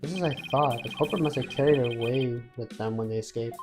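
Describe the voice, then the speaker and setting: A woman with a low voice voicing a determined young male defense attorney, read aloud over game music. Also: fast. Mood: resolute. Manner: resolute, reassuring.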